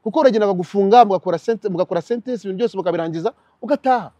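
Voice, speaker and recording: Young Rwandan man, interview guest, rapid-fire delivery, dry close sound. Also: high-pitched, no echo. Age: young adult. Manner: animated, switches into mimicked English voices. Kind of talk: casual interview.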